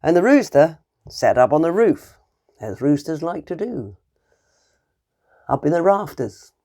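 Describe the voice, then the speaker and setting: A woman teacher telling a fairy tale to young children, animated and playful, acting out the animal sounds. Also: sits low, a little slow.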